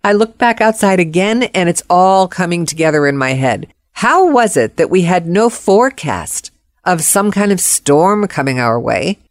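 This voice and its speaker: A woman's voice: on the low side, animated, normal speed, dry recording, clean studio sound. A woman telling a personal story expressively, acting out the voices of the people in it.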